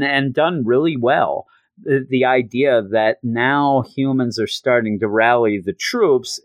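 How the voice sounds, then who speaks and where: A man casually recapping a comic book story, animated and slipping into voices for the characters. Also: medium pitch, dry recording. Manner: animated retelling, acts out quotes. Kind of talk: casual review chat.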